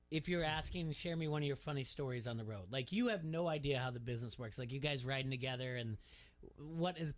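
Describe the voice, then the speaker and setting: A man's voice: on the high side, dry recording. A man hosting a sports radio show who tells long, rambling stories and laughs often. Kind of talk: casual chat.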